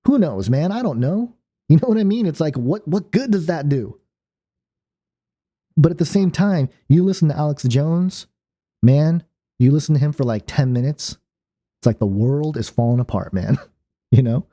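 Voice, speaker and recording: A man's voice: fairly high pitch, animated, normal speed, long pauses, mellow. A man hosting his own channel, talking in a loose, rambling monologue full of fillers and restarts. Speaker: channel host. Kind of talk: casual monologue.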